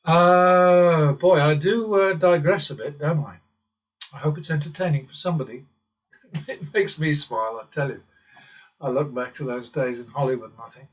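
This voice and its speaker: A man's voice: fairly high pitch, a little fast, distant mic. An English man hosting his own channel, talking in a rambling, sardonic monologue and chuckling as he wanders off topic. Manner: digressive and sardonic, chuckles often. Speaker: channel host.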